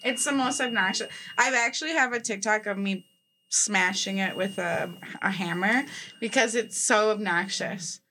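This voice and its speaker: Bright-voiced woman host with faint hum. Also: mid-range voice. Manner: quick reactions and jokes, laughs often. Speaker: podcast host. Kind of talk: casual chat.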